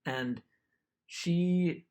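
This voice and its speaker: A man's voice: on the high side, drawn-out words, warm tone. A young man co-hosting a podcast, telling rambling stories in casual chat and laughing often. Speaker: podcast co-host.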